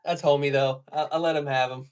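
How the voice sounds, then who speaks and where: A man's voice: on the high side, fairly even intonation, brisk, a little mellow, clean tone. A man chatting casually on a livestream while tying flies, rambling with slang and fillers. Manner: rambling storyteller, laughs while telling stories; loose slangy speech with many fillers. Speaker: fly and jig tier on a livestream.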